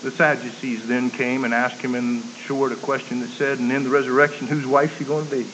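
A man preaching a sermon, emphatic, moving between loud declaiming and quiet earnest appeals. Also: medium pitch, little pitch movement, fairly quick. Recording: muffled, hissy recording.

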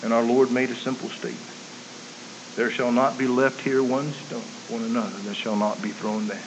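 A man preaching a sermon, emphatic, moving between loud declaiming and quiet earnest appeals. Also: medium pitch, steady tone, fairly quick. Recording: muffled, hissy recording.

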